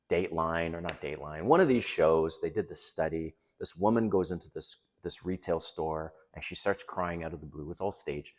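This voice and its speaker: A middle-aged man talking straight to other men, giving blunt, emphatic dating advice in a casual monologue. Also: sits low.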